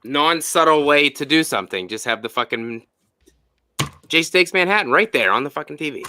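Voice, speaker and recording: A man hosting a casual spoiler review chat, animated and profane, with lots of fillers. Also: fairly high pitch, a little fast, slight background noise. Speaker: podcast host.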